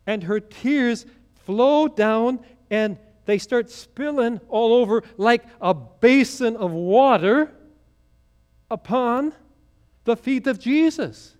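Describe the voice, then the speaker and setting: Male pastor, higher voice, storytelling sermon with chatty asides. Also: animated, slow pace, a little mellow, clean tone. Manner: storytelling, conversational asides to the congregation.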